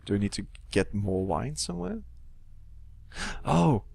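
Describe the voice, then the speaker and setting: A man's voice: fairly low pitch, big pitch swings, a little fast, vocal fry, a little mellow, slightly rough. A young man casually commentating a game, joking, swearing and muttering to himself. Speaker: let's play host.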